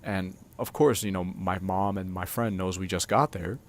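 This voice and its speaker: A man's voice: deep voice, fairly even intonation, normal speed. A young man vlogging a casual storytime monologue, rambling with lots of filler words and swearing.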